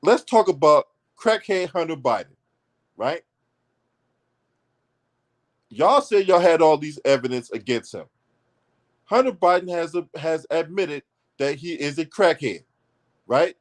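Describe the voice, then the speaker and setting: A man hosting his own political commentary channel, ranting in a heated, profane and sarcastic way. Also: fairly high pitch.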